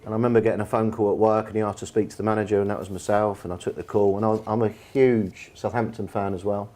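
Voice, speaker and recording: Man, English, mellow low voice; anecdotal guest speaker at a bar event. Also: little pitch movement, quick pace. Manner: chatty, anecdotal, with frequent fillers. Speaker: football manager and guest speaker. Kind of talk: storytelling in an on-stage conversation. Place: bar event room with an audience.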